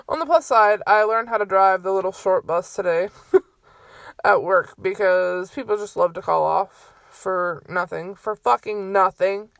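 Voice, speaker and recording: A woman's voice: mid-range voice, vocal fry, no echo. A young adult woman hosting her own podcast, ranting in a heated, profane and exasperated way from a bedroom at home. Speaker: solo podcast host. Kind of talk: casual ranting monologue.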